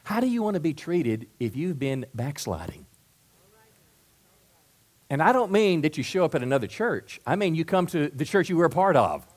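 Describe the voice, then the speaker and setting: A man's voice: fairly high pitch, normal speed. Folksy preacher man firing rhetorical questions. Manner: asks the crowd many rhetorical questions; repeats and restarts words when excited. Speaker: pastor. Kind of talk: sermon.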